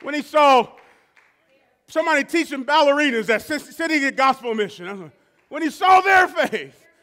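A man preaching a sermon as pastor, rising to drawn-out shouted repetitions and dropping to slow, quiet stretches. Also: very high-pitched, lively intonation, a faint crowd.

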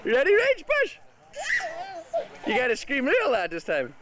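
Behind the camcorder at a backyard party, a man with a very high voice and huge pitch swings narrates at normal speed, cheering and directing the children at play. Background noise and crowd chatter come through the built-in mic of this suburban home movie.

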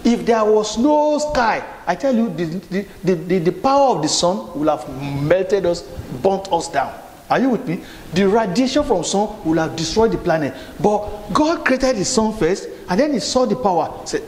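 A man's voice: high voice, lively intonation, moderate pace, darkish tone. A male pastor preaching a sermon, repeating phrases and calling for responses from the congregation. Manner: repetitive, call-and-response preaching with restarts. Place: church hall. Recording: echoey hall with faint room noise.

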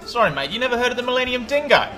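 A man's voice: very high-pitched, very animated, rapid-fire, pushed and bright, some chatter behind, heavily acted. A man doing a brash Aussie smuggler captain. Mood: cocky. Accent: broad Australian. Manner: cocky, swaggering, full of slang. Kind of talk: comedy parody dub. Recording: music behind the voice.

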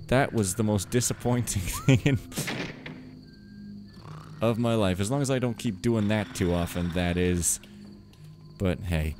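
Guy with a lowish voice doing wry let's play commentary, game music loud behind him. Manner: wry, joking, talks to himself. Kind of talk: rambling gameplay commentary.

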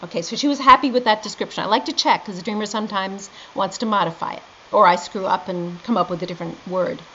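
A middle-aged woman teaching dream interpretation in a lively lecture, acting out both sides of a conversation. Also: medium pitch, quick pace. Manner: animated storytelling, quoting both sides of a conversation. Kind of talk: lively lecture with acted-out dialogue. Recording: dull lo-fi lecture recording with faint noise.

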